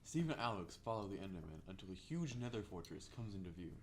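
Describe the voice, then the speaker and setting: A man with a lowish voice reading a game story aloud for a livestream. A faint hum of room noise sits behind his steady, sometimes stumbling narration. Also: quick pace. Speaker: livestream co-host, story reader.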